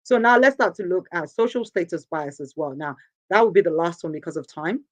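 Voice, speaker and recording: A woman's voice: lowish voice, expressive, fairly quick, no room sound. A woman from Nigeria hosting a show, giving an earnest, emphatic motivational talk and repeating phrases for stress. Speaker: host.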